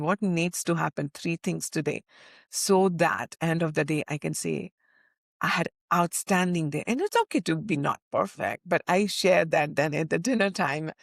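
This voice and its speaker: A woman's voice: on the low side, dry recording. Woman guest, reflective and sincere, restarts sentences; dry recording. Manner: earnest, reflective, restarts phrases. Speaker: podcast guest, mindfulness coach. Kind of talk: interview conversation.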